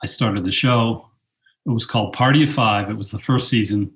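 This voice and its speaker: Lively storytelling man. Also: fairly low pitch, moderate pace. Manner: animated anecdotes, quotes himself in a raised voice. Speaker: guest, film director and teacher. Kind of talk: storytelling interview.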